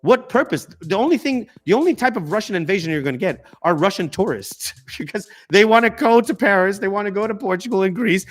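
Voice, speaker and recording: A man's voice: high-pitched, lively intonation, fairly quick, few pauses. A man hosting a live political stream, giving emphatic, ranting commentary full of restarts.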